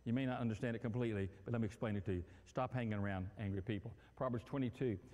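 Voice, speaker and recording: A male pastor preaching a sermon in an animated, humorous way, acting out everyday scenes. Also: medium pitch, racing, long reverb tail. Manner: animated, acts out quarrels and phone calls with humor.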